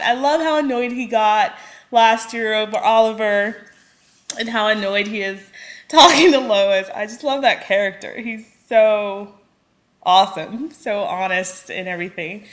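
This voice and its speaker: A young woman giving a casual commentary on a TV episode, chatty, laughing often and acting out quoted lines. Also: medium pitch. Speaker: TV episode reviewer.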